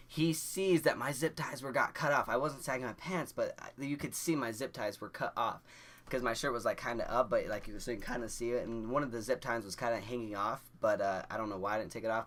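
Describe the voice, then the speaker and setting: A man's voice: mid-range voice, brisk. A young man telling a story to camera in a casual, rambling way, full of "like" fillers and restarts. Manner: animated, laughing through the story. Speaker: vlogger.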